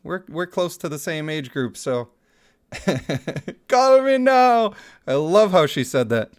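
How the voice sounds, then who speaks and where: A man's voice: fairly high pitch, measured pace. A man in his thirties chatting casually on a livestream, reading out chat messages and laughing often. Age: 30s.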